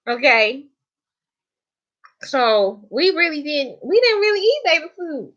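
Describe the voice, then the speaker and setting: A young Southern woman with a bright, forceful voice pitched a little high chats casually to her viewers. She is playful and emphatic and laughs often. The sound is dull and lo-fi, like live-stream audio. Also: animated, slow pace, pauses often. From Southern United States. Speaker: cooking channel host.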